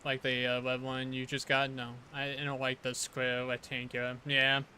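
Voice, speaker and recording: A man's voice: mid-range voice, completely flat delivery, normal speed, pushed and bright, a little hiss or hum. A man streaming a horror game, chatting casually with his viewers in a rambling way. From Detroit, Michigan. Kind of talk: casual gameplay commentary.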